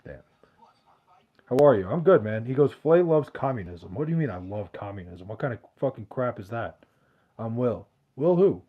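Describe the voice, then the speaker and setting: A man's voice: medium pitch, big pitch swings, normal speed, phone-quality sound. A man hosting a podcast, reading out chat questions in loose, profane, joking banter. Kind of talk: casual chat.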